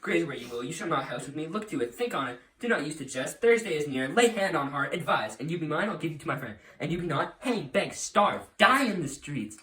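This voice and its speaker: A man's voice: a little high, sing-song, a little fast, few pauses, sharp tone, far from the mic. A man playing a furious, domineering nobleman father in an amateur Shakespeare reading, with blustering, theatrical rants. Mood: raging. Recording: roomy echo, off-mic.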